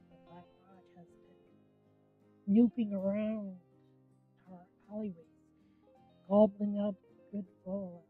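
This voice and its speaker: A woman reading a horror game's dialogue aloud in a halting way, with casual swearing. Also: mid-range voice. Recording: tinny phone-like line with music.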